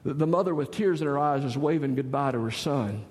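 A middle-aged pastor from the Southern United States preaches a folksy sermon, joking and telling stories. His mid-range voice is brisk and a little mellow. The long reverb of a large hall surrounds it.

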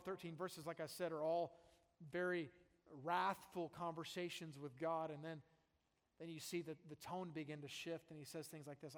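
A man with a notably high voice delivers a sermon to a congregation. He speaks emphatically, circling back and repeating phrases as he presses his points. His voice rings out with a long reverb through a large church hall. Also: normal speed. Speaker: pastor. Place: church sanctuary before a congregation.

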